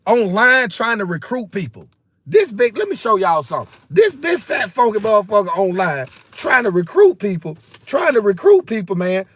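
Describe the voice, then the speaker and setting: A man's voice: high-pitched, very animated, normal speed, fairly bright tone. A man, hosting a political commentary livestream. He rants heatedly, repeats himself, and keeps calling his viewers "bro" and "man.". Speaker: political commentary channel host.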